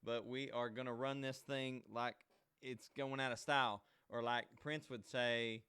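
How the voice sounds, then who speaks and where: A man's voice: mid-range voice, fairly even intonation, measured pace, sharp tone, clear, resonant tone. A man hosting a live online show alone, chatting casually and folksily straight to his viewers. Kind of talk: casual livestream chat.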